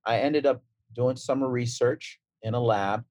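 A man in his forties with a Brooklyn accent, speaking at a mid pitch in a relaxed, storytelling way, often pausing on fillers and restarting his sentences. The sound is dry and close, with little room around it. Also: no echo. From Brooklyn, New York. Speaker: transplant surgeon guest. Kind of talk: casual interview talk.

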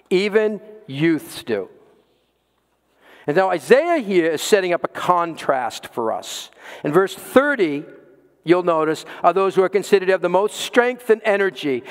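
High-voiced pastor preaching in a reverberant hall. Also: male voice. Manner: emphatic preaching with dramatic pauses and repetitions. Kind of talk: sermon.

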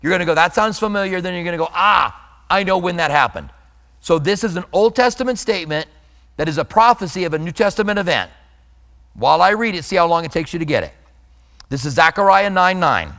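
A man with a high voice preaching a sermon, earnest and emphatic, slowing down to press key words. His voice rings with a long hall reverb. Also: lively intonation, fairly bright tone. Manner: earnest preaching with emphatic slow stresses and scripture readings. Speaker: pastor.

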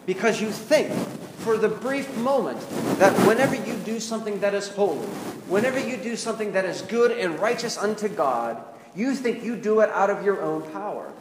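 A male pastor giving a conversational, confessional sermon and putting rhetorical questions to his congregation. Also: high voice. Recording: echoey hall with background noise.

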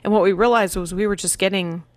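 A woman's voice: medium pitch, steady tone, fast talker, no room sound, studio quality. A woman in her thirties, co-hosting a podcast in casual, earnest parenting talk, telling stories and acting out her children's voices. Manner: earnest, storytelling, acts out her kids' voices. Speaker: podcast co-host.

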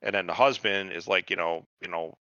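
A man's voice: sits low, a little fast, sharp tone, clear, resonant tone, no echo, lo-fi sound. A man co-hosting a podcast, casually retelling a TV show with heavy swearing and quoted voices. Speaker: podcast co-host. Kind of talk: casual chat recapping a TV show.

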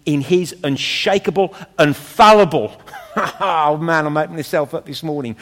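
A man preaching a sermon in a church, impassioned, rising high and falling to a low hush. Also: expressive, measured pace, big-room sound.

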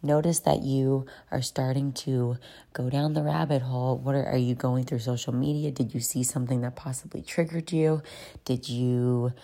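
A woman's voice: extremely low pitch, steady tone, moderate pace, warm tone. A woman recording a casual voice note about anxiety and sleep. She talks in a chatty, profane way and often drops into whispers. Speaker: vlogger. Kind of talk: casual self-help voice note. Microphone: phone voice note.

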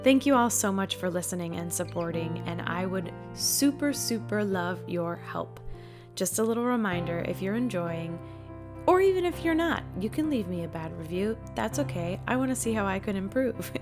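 A woman's voice: mid-range voice, lively intonation, moderate pace, over music. Bubbly woman podcast host. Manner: bubbly, enthusiastic, warm toward listeners. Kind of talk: upbeat podcast intro and interview.

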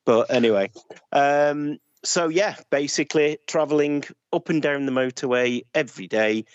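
A man's voice: a little high, moderate pace, no room sound. Teasing man, dull dry sound. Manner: joking, teasing. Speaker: podcast co-host. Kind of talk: casual chat.

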